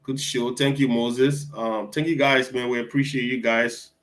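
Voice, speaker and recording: A man co-hosting a casual political talk show, talking in halting bursts with many restarts. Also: medium pitch, steady tone, a bit bright, slight background noise, rough recording.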